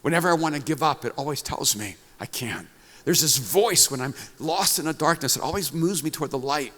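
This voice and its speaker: A male pastor telling a story in his sermon, conversational and dramatic, moving between loud and hushed passages. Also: a little high, animated, a little fast. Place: large church auditorium at a conference. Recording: reverberant hall, faint music.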